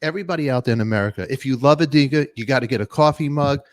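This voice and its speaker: A man hosting a live online talk show, joking loudly and giving quick shout-outs to viewers in the chat. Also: mid-range voice, no echo. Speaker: podcast host. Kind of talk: lively live-stream chat.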